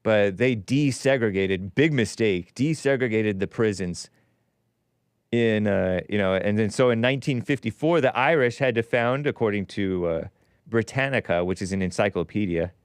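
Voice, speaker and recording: A man's voice: on the low side, normal speed, clean tone, no room sound, studio quality. A man hosting a call-in talk show, rambling and combative, laughing at his own jokes.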